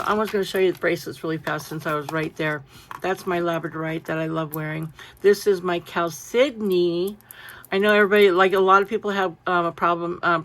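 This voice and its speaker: A woman chatting casually through a craft-supply haul, animated and full of asides. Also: fairly low pitch. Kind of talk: casual show-and-tell haul.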